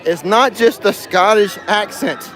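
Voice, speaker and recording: High and fairly bright, the man's voice runs a little slow while he hosts a casual livestream from an outdoor theme park. He jokes with viewers into his handheld phone, with faint music and a crowd in the distance.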